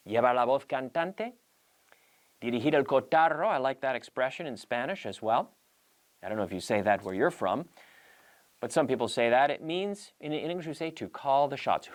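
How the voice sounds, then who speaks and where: A man's voice: mid-range voice, expressive, normal speed. A man hosting a playful English lesson, mixing in Spanish and drilling pronunciation. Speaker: English teacher and show host. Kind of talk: lively televised English lesson.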